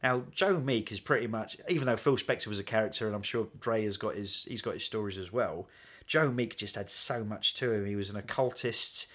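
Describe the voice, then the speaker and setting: A man's voice: lowish voice, brisk. Chatty man telling stories. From England. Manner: animated, chatty storyteller with frequent laughs. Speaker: guest. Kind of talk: casual storytelling chat.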